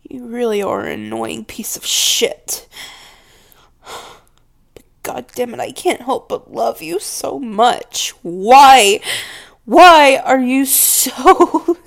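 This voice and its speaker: A woman's voice: fairly high pitch, slow pace, gravelly, long pauses, heavily acted. A woman playing a volatile, possessive mistress. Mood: pleading, hurt. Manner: domineering, scornful, drops to whispers. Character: possessive, volatile woman scolding her pet. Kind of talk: audio role-play to the listener.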